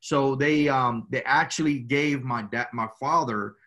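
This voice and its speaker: A man's voice: mid-range voice, measured pace, a bit bright. A man from Cuba, a guest, telling his family story in a rambling, casual way, often saying "you know" and "man".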